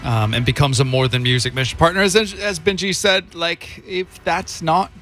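A man's voice: fairly high pitch, moderate pace, fairly bright tone, faint music behind. A man co-hosting a radio fundraiser, talking in a loose, rambling way that corrects itself as he goes. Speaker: radio host. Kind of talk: casual on-air fundraising chat.

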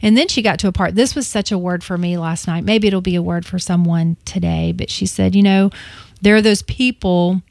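A woman's voice: on the low side, a little fast, creaky, a little mellow, dry recording. A woman co-hosting a morning radio show in a studio, talking eagerly in casual chat with lots of restarts. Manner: eager, chatty, full of restarts and "you know".

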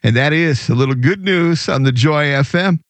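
A man's voice: a little high, normal speed, a little hiss or hum. A man hosting a radio show, telling a good-news story in a conversational way with fillers. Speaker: radio host.

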